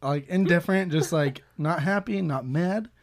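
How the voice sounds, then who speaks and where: A man's voice: fairly high pitch, moderate pace. A man from the United States, a podcast guest in casual chat, playful and laughing often.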